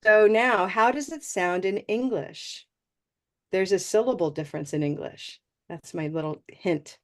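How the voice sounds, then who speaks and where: A woman's voice: medium pitch, measured pace. Encouraging woman teaching pronunciation online. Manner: encouraging, asks "okay?" often. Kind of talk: live online class.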